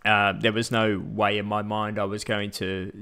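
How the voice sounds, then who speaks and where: A man with an Australian accent chatting casually on a livestream, rambling with many fillers and pausing to greet viewers. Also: fairly low pitch, little pitch movement, vocal fry, sharp tone, clear, resonant tone. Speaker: vlogger.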